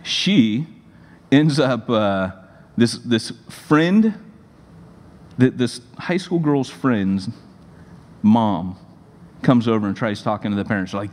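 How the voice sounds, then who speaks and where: A man in his forties preaching a sermon at a middle pitch, his voice carrying a long reverb through a large church hall. He tells stories in a conversational, animated way. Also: slow pace, pauses often. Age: 40s. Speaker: pastor. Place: church sanctuary.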